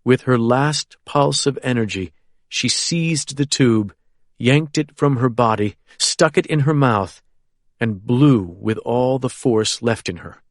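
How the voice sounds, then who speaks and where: A man narrating a first-person thriller audiobook in a steady, measured way. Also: medium pitch, dry recording, studio quality.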